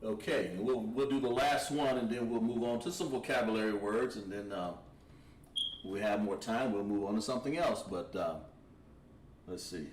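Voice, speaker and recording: A man teaching a language class, thinking aloud and pausing while he writes on a board. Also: on the low side. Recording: echoey room, mic at a distance, faint noise.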